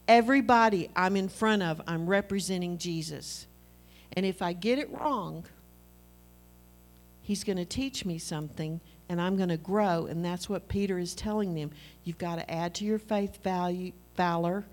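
Acting out short conversations with her husband, a middle-aged woman preaches in an animated, chatty way. She talks at normal speed in a fairly low-pitched voice.

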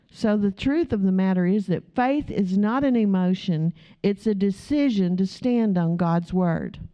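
A woman's voice: medium pitch, measured pace, few pauses, warm tone, smooth. A woman preacher giving a chatty, storytelling sermon with asides to the congregation, recorded on a dull lo-fi recording. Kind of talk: conversational sermon.

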